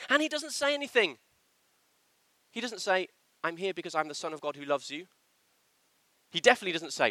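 A male preacher giving a sermon, his pitch rising and falling with lively movement. His tone is bright and a touch sharp, and the sound is close and dry with hardly any room echo. He stresses his points hard and acts out short quoted lines. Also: fairly quick, long pauses. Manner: animated, emphatic delivery with acted quotations. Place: church.

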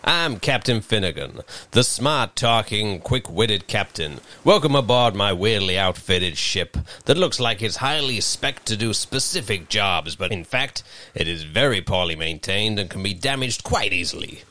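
A man's voice: fairly low pitch, animated, moderate pace, bright, forceful tone. A man co-hosting a movie podcast, playing a ship captain in a comedic parody with a wry, mock-heroic delivery. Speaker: podcast co-host. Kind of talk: comedic role-play parody.

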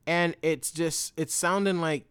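A man hosting a podcast, telling a story in a loose, slangy way with plenty of swearing. He swings between loud bursts and low mumbles. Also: steady tone, a little slow, smooth, dry recording. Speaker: podcast host. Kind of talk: casual storytelling monologue.

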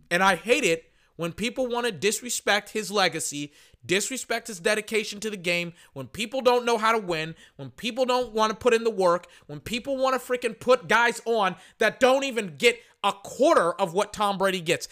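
Casting: hoarse male podcast host, sports rant, high and bright voice, emphatic and repetitive. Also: lively intonation, normal speed. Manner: passionate and emphatic, heavy repetition. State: hoarse, losing his voice.

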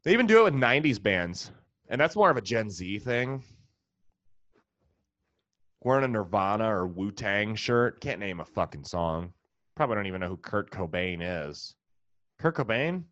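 A man's voice: on the low side, lively intonation, normal speed, pauses often, fairly bright tone, dry recording. A man, a comedian and podcast host, delivering a profane, sarcastic, exasperated comedic rant. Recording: dull lo-fi, dry.

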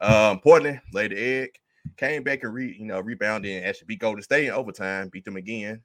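A man's voice: on the low side, fairly quick, a bit bright, no room sound, clean studio sound. A man hosting a sports podcast, easygoing and laughing often as he moves the talk along. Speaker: podcast host. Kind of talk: casual sports podcast chat.

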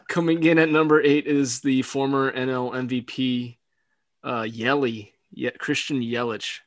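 Young male podcast co-host, easygoing and giggly, mid-pitched, dry close recording. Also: a bit bright, no room sound. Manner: laughs often, hedging fillers. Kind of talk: casual sports podcast chat.

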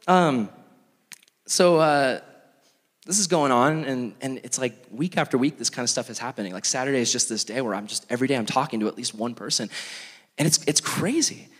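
A young man preaching as a youth pastor, telling stories in an animated, self-mocking way full of "like". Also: medium pitch, brisk, breathy edge. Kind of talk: storytelling sermon. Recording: long reverb of a large hall.

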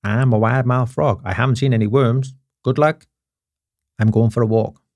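A man's voice: medium pitch, steady tone, normal speed, darkish tone, dry recording, natural voice. A Welsh man voicing a cheery male wide-mouthed frog in a told joke, repeating his introduction.

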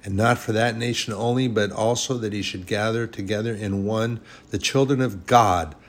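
A man preaching a sermon with emphatic delivery, swinging between hushed and raised passages. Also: fairly low pitch, fairly even intonation, normal speed.

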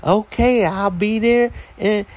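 A man voicing a fussy, persistent female caller who asks slow, polite questions. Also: medium pitch, a little mellow, voice pushed up, lightly acted. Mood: polite questioning.

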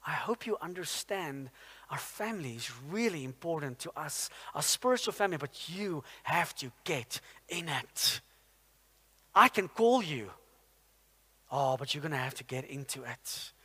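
A man preaching a sermon in a church, energetic and firing rhetorical questions at the congregation. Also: fairly high pitch, moderate pace. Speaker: pastor. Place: church hall. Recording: long hall reverb in a church.

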